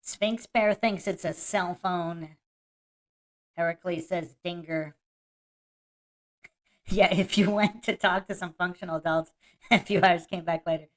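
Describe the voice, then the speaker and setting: A woman's voice: on the low side, fairly even intonation, measured pace, long pauses. A woman hosting a podcast, laughing often and mocking as she talks through a debate clip and reads chat comments aloud. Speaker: podcast host. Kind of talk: casual live-stream commentary.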